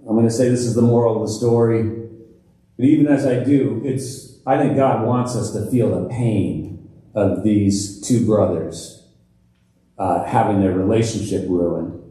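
Middle-aged pastor in an echoey sanctuary. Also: male voice, lowish voice, dark tone. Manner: conversational, chuckles at his own jokes. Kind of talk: sermon. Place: church sanctuary. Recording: very echoey church hall.

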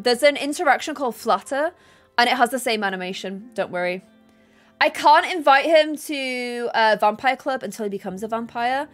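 Young woman, high bright chatter, casual streamer reading chat over soft game music. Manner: chatty, bubbly, reads chat aloud. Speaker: gaming streamer. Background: faint game music.

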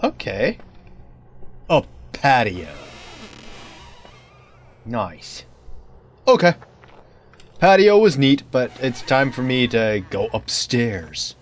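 A man's voice: medium pitch, big pitch swings, drawn-out words, long pauses, fairly bright tone. A young man giving rambling, joking commentary on a horror game he plays, slipping into a put-on hillbilly drawl. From United States. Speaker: let's play gamer.

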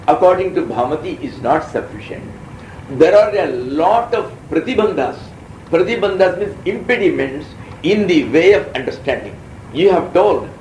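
A man's voice: a little high, darkish tone, a little hiss or hum. A man in his seventies with an Indian accent, giving a meandering, anecdotal scriptural discourse as a spiritual teacher. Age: 70s. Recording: roomy sound from a distant mic.

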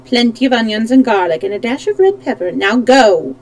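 A cruel two-faced monster queen from a storybook, sharp and commanding, as a woman reads her aloud. Her voice sits above the reader's own and rings louder. Underneath it the tone stays mellow and soft-edged. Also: fairly high pitch, lively intonation, fairly quick, rough recording.

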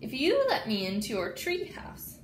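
A woman's voice: wildly swooping pitch, normal speed, echoey room, slight background noise. Woman doing a squealing little girl frog. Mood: eager. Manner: squealing, very high exclamations. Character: eager little girl frog, cheerful sister.

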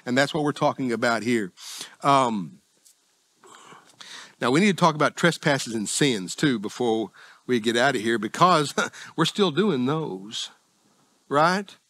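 Southern pastor guy, middle-aged, folksy sermon, jokes on himself, voice jumps up high now and then, dry close mic. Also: expressive, unhurried, pauses often, pushed and bright, dry recording. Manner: folksy, self-deprecating, conversational with sudden pitch jumps.

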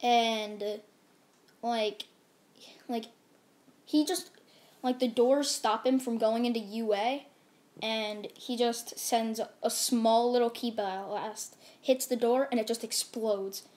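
A woman's voice: on the high side, steady tone, takes it slowly, darkish tone. A woman casually narrating a fan-made story, rambling with many fillers and restarts.

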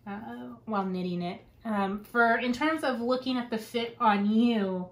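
A woman's voice: on the high side, unhurried. Young adult woman, podcast host, casual and talkative with easy laughs. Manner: chatty, laughs often, wanders onto tangents. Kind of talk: casual chat.

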